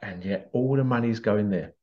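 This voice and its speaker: A man's voice: on the low side, normal speed. A man hosting a podcast, delivering an agitated monologue full of rhetorical questions. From United Kingdom. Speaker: podcast host. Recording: dull lo-fi recording.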